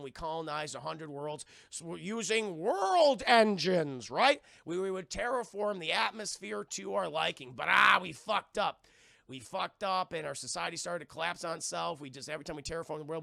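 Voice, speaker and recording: A man's voice: on the high side, gravelly, sharp tone, no echo, exaggerated voice. A man voicing a solemn alien father explaining his lost world, retold in a casual, profane way. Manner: casual, profane retelling of a grand speech.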